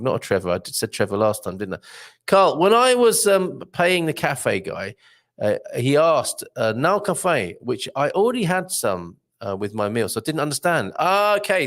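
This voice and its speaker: A man hosting a casual live stream, reading viewer comments aloud in a chatty, rambling way with lots of fillers. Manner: chatty, rambling, lively pitch, many fillers.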